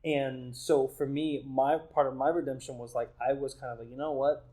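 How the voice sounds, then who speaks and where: A man hosting a podcast, talking about faith in an earnest, halting way, with many restarts. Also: medium pitch, fairly even intonation, dark tone, rough recording. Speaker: podcast host. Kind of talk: casual faith talk.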